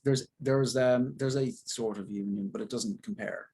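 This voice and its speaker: A young Irish actor talking candidly and at length in an interview, rambling and self-deprecating. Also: male voice, mid-range voice, fairly even intonation, moderate pace, mellow, breathy edge, low-quality recording. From Ireland. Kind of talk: casual interview talk.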